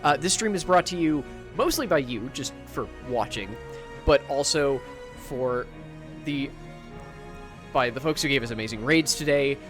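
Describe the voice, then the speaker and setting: A man's voice: medium pitch, animated, measured pace, over music. Chatty rambling male streamer. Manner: rambling, chatty, swears casually. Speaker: livestreamer. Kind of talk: casual gameplay livestream commentary.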